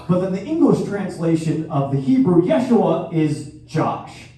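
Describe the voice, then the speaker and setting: A man in his thirties doing a crude stand-up comedy set with sudden loud outbursts. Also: high-pitched, very animated, measured pace, few pauses, soft background music. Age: 30s. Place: live venue hall. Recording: echoey hall from far off, faint noise.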